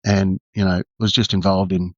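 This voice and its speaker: An Australian man, a former undercover detective, tells his story candidly in a halting way full of restarts and fillers. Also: low-pitched, little pitch movement, no echo, dull audio.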